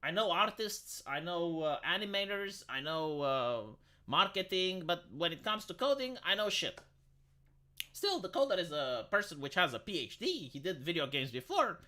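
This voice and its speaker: A streamer talking casually on a live stream, blunt and profane, with a bright, edgy tone. The pitch jumps all over as they rant and restart sentences. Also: very animated, normal speed. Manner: self-interrupting, repeats words. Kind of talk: casual livestream chat.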